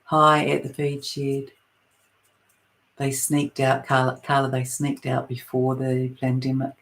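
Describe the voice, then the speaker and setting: Woman with a New Zealand accent, spiritual channeler; soft, meandering delivery with frequent pauses. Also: a bass voice, completely flat delivery. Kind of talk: live-streamed spiritual talk.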